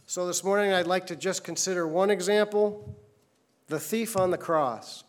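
Male preacher, fairly high voice, earnest storytelling sermon delivery. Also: normal speed. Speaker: pastor.

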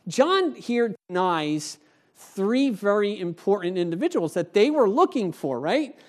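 A male pastor preaching a sermon in a church, animated and conversational, speaking directly to the congregation. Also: sits high, measured pace.

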